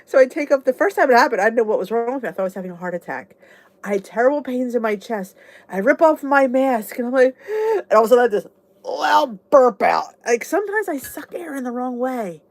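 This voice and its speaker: A woman's voice: on the high side, big pitch swings, a little fast, dry recording. A middle-aged woman hosting a casual chat, candid and oversharing, laughing often as she talks. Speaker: vlog host.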